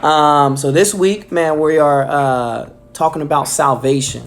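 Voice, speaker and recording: A man's voice: a little high, a little slow. A man delivering a casual weekly devotional message, enthusiastic and filling his talk with "man" and "um". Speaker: preacher.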